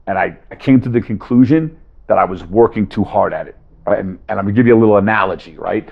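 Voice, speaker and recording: A man telling a story to a live audience, acting out both sides of each conversation with lively energy. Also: on the low side, fast talker, gravelly, narrow, tinny audio. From Las Vegas, USA. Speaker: guest speaker.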